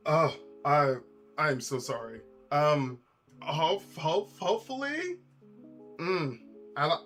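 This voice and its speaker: A young man chatting casually with his live-stream viewers while he builds a model, talking to chat in an animated way. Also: on the high side. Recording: faint music playlist behind.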